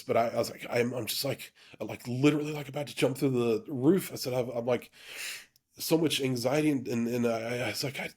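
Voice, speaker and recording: A man of middle pitch tells his own story to the camera in an earnest, open way. His delivery is halting, with frequent restarts, repeated words and fillers. He sounds like he is talking through something personal rather than reading a script. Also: a little mellow, slightly rough. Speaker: YouTube channel host.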